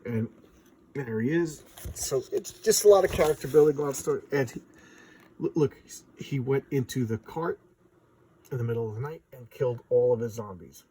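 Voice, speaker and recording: Mellow-voiced man recapping a comic. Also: medium pitch, moderate pace, slight background noise, low-quality recording. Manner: loose storytelling recap, briefly acts out character lines. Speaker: comic book reviewer. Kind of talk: casual comic book recap.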